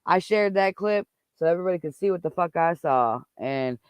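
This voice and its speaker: A man's voice: high-pitched, expressive, a little fast, smooth, dry recording. Profane man ranting on a livestream. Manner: angry, profane, heated rant. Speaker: livestream host. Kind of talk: casual ranting livestream chat.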